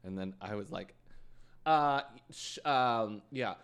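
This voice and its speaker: A man co-hosting a podcast in casual chat, joking and telling animated stories as he recaps a TV show. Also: on the low side, slow, smooth. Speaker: podcast co-host.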